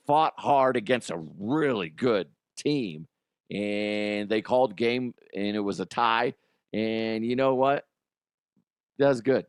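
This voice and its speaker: A middle-aged man and show host telling a story in an animated way, jumping from loud outbursts to quiet asides. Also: mid-range voice, dry recording, clean studio sound. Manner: excitable, swings from loud shouts to quiet asides.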